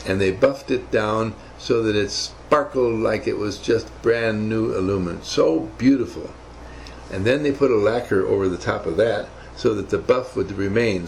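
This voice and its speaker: A man's voice: on the low side, a little hiss or hum, poor audio. An older man telling rambling, emphatic stories from his navy days in a motivational talk. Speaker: speaker recounting navy service.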